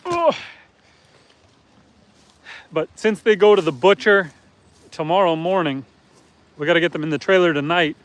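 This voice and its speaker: Here the same Canadian farmer keeps his live stream going outside by the truck and pigs, walking through his chores and answering comments from viewers in a relaxed way. His pitch is on the high side, his tone stays steady, and he speaks fairly quickly on a dry recording.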